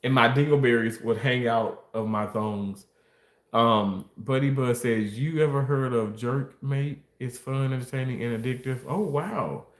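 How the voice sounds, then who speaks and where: A man livestreaming and reading chat aloud, making crude jokes and protesting with mock innocence. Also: a little slow. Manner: voice jumps high when protesting. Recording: roomy echo.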